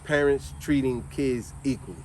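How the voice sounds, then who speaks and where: A man, hosting a casual vlog and telling a family story in a lively way. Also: medium pitch, moderate pace, a little hiss or hum. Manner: lively, animated, laughs while telling. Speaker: vlog host.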